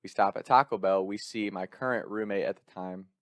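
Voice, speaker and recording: A young man casually telling a personal story in an animated way, laughing often and swearing freely. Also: fairly low pitch, a little fast, no echo, clean studio sound.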